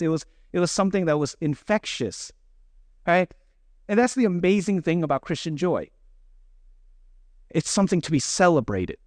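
With a voice on the high side and no room sound, a man gives a sermon as a pastor. He often performs the quoted voices of others, and his tone stays conversational and self-deprecating.

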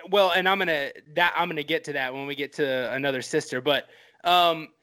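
A man's voice: fairly high pitch, a little fast, sharp tone, smooth. A man co-hosting a film podcast, rambling enthusiastically with many fillers. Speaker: podcast co-host. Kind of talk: casual film podcast chat.

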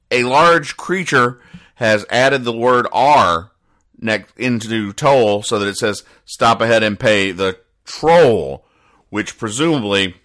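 A man's voice: on the low side, a bit bright. A man hosting a comedy show, reading out comic strips and rambling about them in a self-mocking way, with bursts of acted lines. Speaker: comic strip reader and host. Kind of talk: casual comedic commentary.

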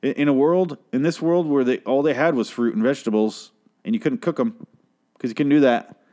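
A man's voice: mid-range voice, brisk, dark tone. A man hosting a podcast who delivers an exasperated, heavily profane comedic rant and keeps breaking off to apologize. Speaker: podcast host.

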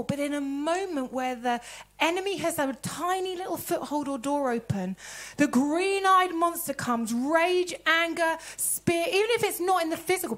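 A woman preaching a sermon with animated delivery, breaking into laughter and acting out the voices she quotes. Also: high-pitched.

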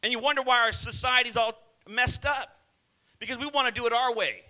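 A man's voice: very high voice, fairly quick, bright, forceful tone. A male pastor preaching a sermon in a church, blunt and scolding, often calling out to the congregation for an "amen.".

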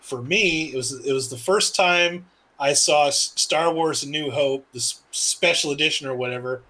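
A man's voice: on the high side, normal speed, low-quality recording. A man co-hosting a podcast, rambling casually about movies with plenty of cursing. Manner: relaxed, rambling, curse-laced storytelling. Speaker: podcast co-host.

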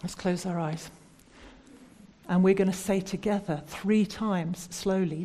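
A woman preaching a sermon from the United Kingdom, putting earnest, searching questions to the congregation and turning soft and prayerful when she leads prayer. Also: lowish voice, fairly even intonation, measured pace, a little hiss or hum.

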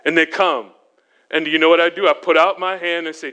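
Bright, clear-voiced male preacher. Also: a little high, steady tone, brisk. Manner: asks the audience questions and answers them; acts out quoted voices. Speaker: guest speaker. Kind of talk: sermon.

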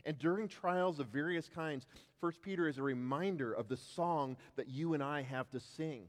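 A man preaching a sermon as pastor, often repeating words as he restarts, rising to loud declarations and dropping to hushed tones. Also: fairly high pitch, moderate pace, big-room sound.

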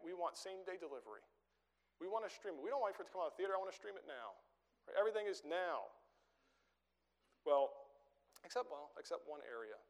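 A middle-aged man preaching a sermon as pastor, conversational and storytelling, with rhetorical questions. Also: fairly high pitch. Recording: long reverb of a large room.

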